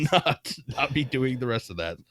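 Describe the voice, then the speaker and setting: A man co-hosting a podcast, reviewing a movie in casual chat, animated and laughing often, with casual swearing. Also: medium pitch, a little slow. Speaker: podcast co-host.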